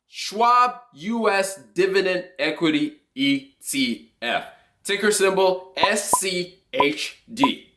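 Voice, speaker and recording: A young man casually explaining investing basics in an animated, joking way, sometimes shouting with excitement. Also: sits high, takes it slowly. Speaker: finance YouTuber.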